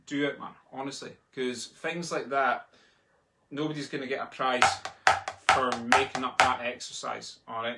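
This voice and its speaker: Gravelly Scottish drum tutor. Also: male voice, mid-range voice, a little hiss or hum. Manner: relaxed, chatty, counts and chants sticking aloud. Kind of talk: online drumming lesson. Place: home, a street outside.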